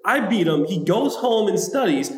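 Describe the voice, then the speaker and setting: A man in his thirties tells stories in a casual podcast chat, with a slightly high voice. He acts out the people he quotes with lively energy. The sound is echoey. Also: normal speed. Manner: animated storyteller who acts out quoted people. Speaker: podcast co-host, former football tight end. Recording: echoey room.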